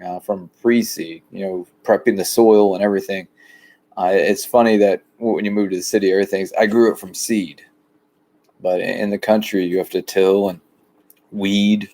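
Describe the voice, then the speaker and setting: A man from the rural United States, talking in a rambling, plain, deliberately low-key monologue outdoors by a shed. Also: darkish tone. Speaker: vlogger.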